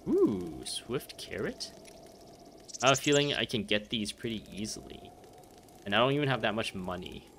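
A man's voice: fairly low pitch, big pitch swings, normal speed, fairly bright tone, faint music behind. A man giving casual let's play commentary, rambling and easily distracted, laughing often as he plays. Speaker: gameplay commentator.

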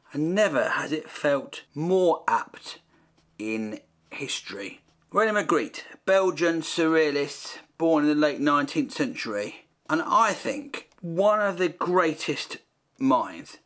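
A man hosts a light-hearted paint-along, keeping up dry, jokey chatter and bickering with himself in asides. His voice sits a little higher than most men's. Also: sing-song, measured pace, fairly bright tone. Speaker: host painting a copy of a famous artwork. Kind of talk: comic painting-along video.

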